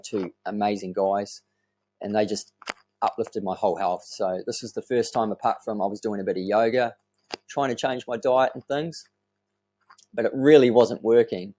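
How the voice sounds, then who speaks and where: A man, telling his story as a podcast guest in an earnest, animated way and swearing casually. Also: lowish voice. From New Zealand.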